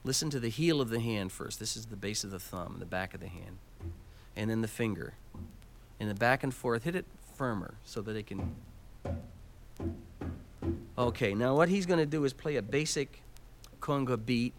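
A man's voice: mid-range voice, lively intonation, normal speed, vocal fry, pauses often, soft background music. A man teaching Latin percussion, explaining each instrument step by step and counting out beats aloud. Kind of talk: instructional demonstration. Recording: loud background noise.

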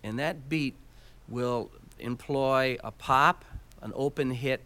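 Speaking slowly at a medium pitch, a man gives a Latin percussion lesson, covering every instrument step by step and calling out the beat counts. The instructional demonstration is marred by loud background noise.

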